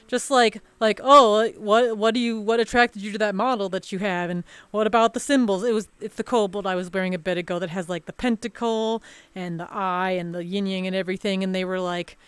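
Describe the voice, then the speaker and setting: A woman's voice: medium pitch, fairly even intonation, brisk, smooth, no room sound. A woman streamer telling a story in a casual, rambling chat full of fillers and restarts.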